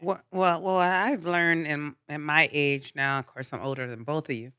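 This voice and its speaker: Middle-aged woman co-host, sharp loud tone, laughs a lot, dry close mic. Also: deep voice, fairly even intonation, moderate pace, smooth, no room sound. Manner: self-described loud, sharp-toned, laughs often. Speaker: podcast co-host. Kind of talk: casual chat.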